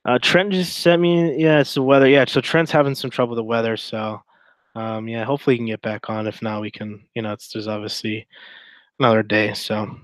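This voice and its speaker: A man's voice: medium pitch, fairly even intonation, brisk, no room sound. A man giving casual, sarcastic commentary as he reads chat logs aloud, rambling with lots of fillers. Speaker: streamer reading and mocking chat logs.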